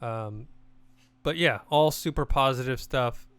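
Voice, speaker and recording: A man co-hosting a games podcast in casual chat, talking in a relaxed, rambling way with many restarts. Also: medium pitch, a little slow, smooth, no echo. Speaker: podcast co-host.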